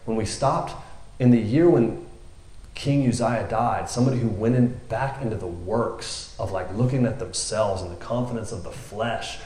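A man's voice: lowish voice, normal speed, a little mellow. Male preacher, casual rambling delivery, echoey room. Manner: rambling and conversational, lots of fillers. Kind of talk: informal sermon.

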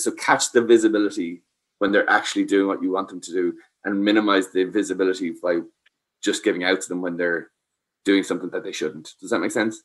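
A man's voice: deep voice, a little fast. A man giving parenting advice, explaining patiently and checking that the listener follows. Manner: explains patiently, asks "does that make sense?". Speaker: parenting expert. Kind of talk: advice talk.

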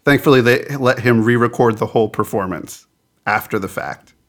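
Laid-back podcast host. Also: male voice, medium pitch, moderate pace. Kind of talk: casual chat.

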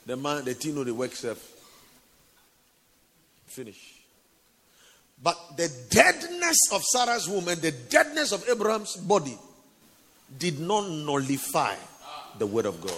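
A man's voice: on the high side, sing-song, unhurried, pauses often, fairly bright tone. A male preacher giving a sermon with a personal testimony, speaking intimately to listeners as honey and sweetheart. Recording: reverberant hall.

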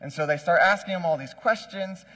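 Man, preacher, conversational sermon, slightly high voice, husky tone. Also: brisk, sharp tone. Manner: conversational, says "like" and "right?" often. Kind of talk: casual sermon. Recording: long hall reverb.

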